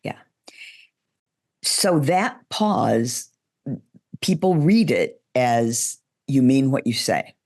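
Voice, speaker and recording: A woman who coaches public speaking, giving measured, deliberate advice in an interview and demonstrating pitch shifts as she talks. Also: very animated, a little mellow.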